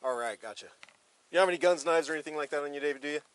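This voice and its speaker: Brisk, quick-talking male deputy. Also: a little high. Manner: brisk, procedural questioning. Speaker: sheriff's deputy. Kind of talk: field interview. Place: outdoors. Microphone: body camera.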